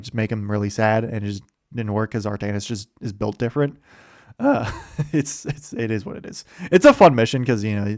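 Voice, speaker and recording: A man's voice: mid-range voice, no room sound, studio quality. A man hosting a casual summary of a game campaign, rambling with many fillers and self-corrections and chuckling often. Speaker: host.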